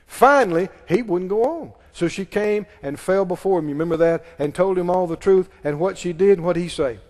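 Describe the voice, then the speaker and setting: Brief: high-pitched male pastor, emphatic sermon delivery, call-and-response, long hall reverb. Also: brisk, darkish tone. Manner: emphatic preaching, leads the congregation in call-and-response.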